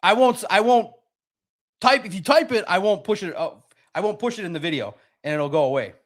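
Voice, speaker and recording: Animated man hosting a sports stream. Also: sits high. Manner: animated and rapid-fire, with many restarts. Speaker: sports podcast host. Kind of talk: live-stream sports commentary.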